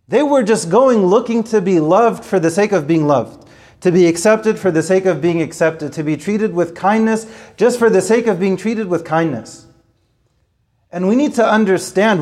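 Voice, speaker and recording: Guy preaching earnestly, voice a bit on the high side, repeats stuff for emphasis. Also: a little mellow. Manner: earnest, repetitive emphasis, recites Arabic verses. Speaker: Islamic preacher. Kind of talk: sermon.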